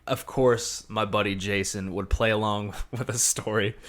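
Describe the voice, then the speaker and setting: A man co-hosts a laid-back podcast, his voice fairly low and his pace moderate. He spins a long story with animation, acting out the people in it and voicing their quotes.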